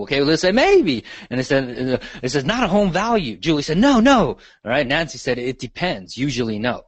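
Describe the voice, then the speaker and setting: A man's voice: medium pitch, fairly bright tone, no room sound. A man leading a live online sales training, asking the audience questions and checking in often. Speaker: real estate sales trainer.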